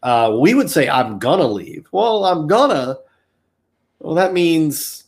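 A podcast host with a Southern American accent chats casually in a fairly high, very animated voice at a slow pace. He fills his talk with fillers and digressions.

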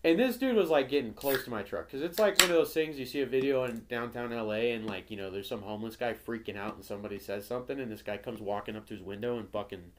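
A man's voice: medium pitch, fast talker, few pauses, a little hiss or hum. A laid-back young man in a casual podcast chat, who fills his talk with "bro" and "like". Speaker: podcast co-host.

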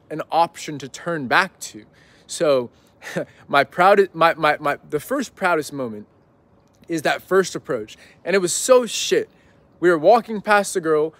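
This young man's voice sits a bit high, and the recording has no echo. As a podcast guest, he spins a loose, meandering story, constantly dropping in "like" and "right?".

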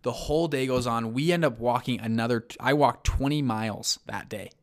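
A man telling a story in a casual interview, lively, with lots of fillers and restarts and acted-out quotes. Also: mid-range voice, brisk. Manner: animated, many fillers and restarts, acts out quotes. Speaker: guest recounting a search-and-rescue story.

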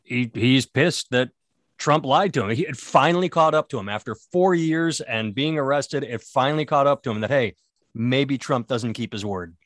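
A man's voice: mid-range voice, moderate pace, fairly bright tone, no echo, clean studio sound. A man who is a stand-up comedian co-hosting a podcast, rambling and sardonic in casual comedic chat. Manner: rambling, sardonic, self-mocking.

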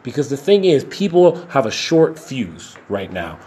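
A man delivering a heated solo podcast rant at a middling pitch. He talks with blunt emphasis and swears freely, drawing some words out slowly and rushing through others. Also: sing-song, mellow. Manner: impassioned, emphatic rant with profanity; shifts between slow deliberate stresses and rapid bursts. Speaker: podcast host.

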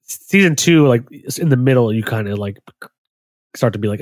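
Young man, podcast co-host, lively pitch, laughs a lot, swears, dry close sound. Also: brisk, no room sound. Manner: laughs often, swears, animated. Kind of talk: casual chat.

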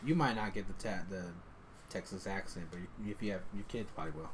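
A man co-hosting a podcast in casual chat, talking in an animated, chatty way with frequent laughter. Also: sits low, quick pace, noisy background. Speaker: podcast co-host.

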